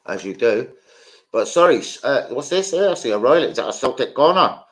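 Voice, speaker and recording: A man's voice: medium pitch, very animated, a little fast. A man hosting a live football watch-along, chatting casually, rambling off-topic and swearing freely while talking to his viewers. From London.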